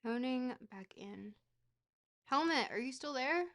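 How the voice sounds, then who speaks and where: A woman's voice: sits high, expressive, slow, a bit bright. A woman streamer chatting casually while playing a geography game, rambling and joking with a bit of casual swearing.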